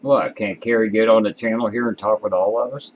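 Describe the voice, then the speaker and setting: A man's voice: lowish voice, steady tone, a little fast, muffled recording. A man with a Southern accent hosting a storm-chasing live stream, chatting easily with plenty of fillers. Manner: chatty, easygoing, thinking aloud with fillers.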